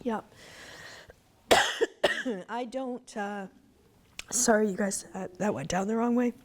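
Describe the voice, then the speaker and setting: A goat-farming conference speaker, middle-aged, talks slowly in a mid-range, darkish voice. She's casual and chatty with her live audience, laughing through her storytelling and slipping in comments about faith.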